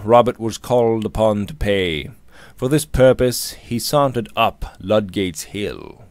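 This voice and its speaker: A man narrating a Victorian novel in a measured, expressive way. His pitch moves a lot, and the recording is close and dry with no room sound. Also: no echo. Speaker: audiobook reader.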